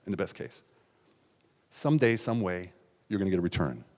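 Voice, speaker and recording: A middle-aged man from the United States telling a raw, confessional personal story on stage, with sudden loud outbursts and hushed asides. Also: low-pitched, big pitch swings, a little fast. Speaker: keynote speaker. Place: large hall on stage. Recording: stage talk with long hall reverb.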